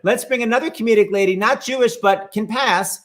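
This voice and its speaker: A man's voice: high-pitched, fairly quick, a bit bright. A man hosting an online variety chat, eagerly introducing guests and clips. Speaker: host. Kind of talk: casual video-call chat.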